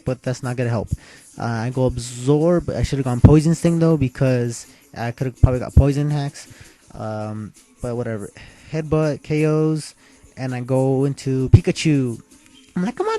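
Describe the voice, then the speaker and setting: A young man with a warm, medium-pitched voice recaps a video game battle move by move at normal speed. As a let's player, he keeps the commentary laid-back and full of slang.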